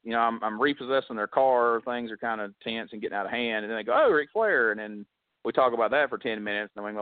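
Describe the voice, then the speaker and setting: A man tells a story on a wrestling podcast, breaking into quoted voices for the other people in it. The sound is thin and phone-like, with no room echo. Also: lowish voice. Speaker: podcast co-host. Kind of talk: casual storytelling chat. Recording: dry, phone-like audio.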